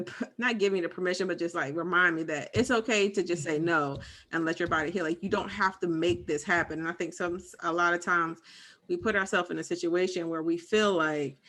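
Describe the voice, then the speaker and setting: Bright animated woman telling a story. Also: lowish voice, a little fast. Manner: animated storyteller, acts out quotes. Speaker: podcast co-host. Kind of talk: casual chat, personal story.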